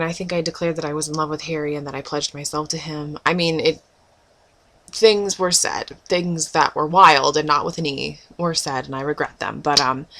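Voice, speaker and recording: A woman's voice: deep voice, pushed and bright, poor audio. A young woman in a casual vlog, giddy and rambling, often laughing and breaking into squeals. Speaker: vlogger.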